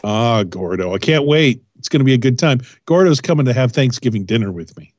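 Husky, lively sarcastic man. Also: mid-range voice, fairly quick, no room sound, muffled recording. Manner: sarcastic, mocking, deadpan jabs. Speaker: co-host of a prank call show. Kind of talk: casual crude banter.

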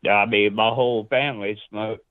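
A man's voice: fairly low pitch, steady tone, normal speed, dry recording. A man on a phone call, hesitant and insistent, full of fillers. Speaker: caller. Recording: tinny phone line.

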